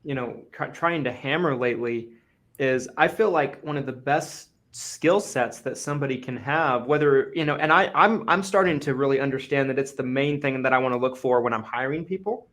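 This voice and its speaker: A man's voice: mid-range voice, moderate pace, fairly bright tone. A man hosting a casual podcast conversation, earnest and restarting phrases as he thinks aloud. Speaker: host.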